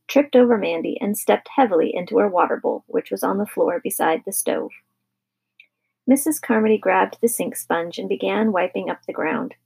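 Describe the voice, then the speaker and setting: A woman narrating a children's audiobook in a gentle, measured way. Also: medium pitch, gravelly, breathy edge, poor audio.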